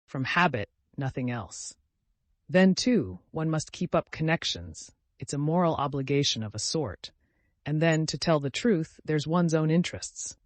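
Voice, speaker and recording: A man's voice: on the high side, animated, unhurried, dry recording. A man voicing an older country landowner with grey whiskers, genial and reflective, in a storybook reading.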